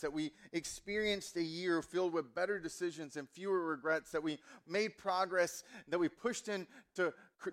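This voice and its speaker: A man in his forties, from the American South, preaching a sermon as a pastor in a casual, joking way with many fillers. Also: a little high. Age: 40s.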